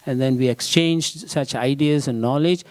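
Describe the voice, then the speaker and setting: A man's voice: medium pitch, moderate pace, a little mellow, smooth. A man giving a scripture class in a temple, telling an anecdote with frequent fillers and tag questions. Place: temple hall.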